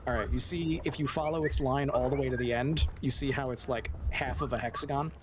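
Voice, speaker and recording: A man's voice: mid-range voice, steady tone, brisk, noisy background. A man chatting casually on a game stream, chuckling often and patiently explaining puzzles. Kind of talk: casual gaming chat.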